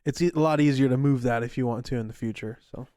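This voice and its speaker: A young man co-hosting a podcast, breaking down sports trades in relaxed, slangy chat. His voice sits at a middle pitch. The recording is close and dry. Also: fast, no echo. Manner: chatty sports talk, laid-back with slang. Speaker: podcast co-host. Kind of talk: casual chat.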